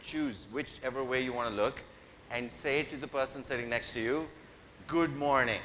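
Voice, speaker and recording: A man's voice: mid-range voice, moderate pace, a bit bright. A man giving an interactive keynote speech, playfully teasing and directing the audience from a stage microphone. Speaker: keynote speaker. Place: large conference hall. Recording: reverberant hall, faint noise.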